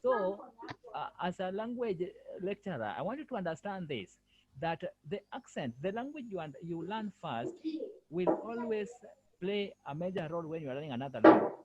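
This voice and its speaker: Lively male language lecturer, faint background noise, repetitive firm teaching on a call. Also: high voice, moderate pace, highs cut off. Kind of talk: online language lesson.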